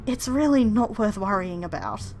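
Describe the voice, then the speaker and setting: A woman voicing a deferential male bird assistant from a game, speaking softly and drily to his boss. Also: medium pitch, animated, moderate pace, soft background music, lightly acted. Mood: deadpan.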